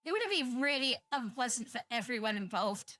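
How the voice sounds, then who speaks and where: A woman's voice: fairly high pitch, expressive, brisk, bright, forceful tone, no echo. A young British woman streaming live, chatting to viewers in a blunt, profane, rambling way and sounding tired. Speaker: livestreamer.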